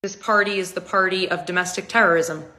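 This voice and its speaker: A woman's voice: fairly low pitch, steady tone, a little fast, bright, forceful tone, soft background music. A woman delivering an indignant, lecturing political rant straight to camera.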